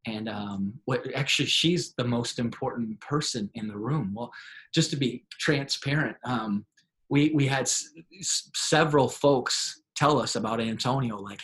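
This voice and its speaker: A man's voice: medium pitch, measured pace. A young adult man, a pastor and author, telling stories animatedly in an interview. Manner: animated storyteller, acts out excited voices. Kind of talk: interview storytelling.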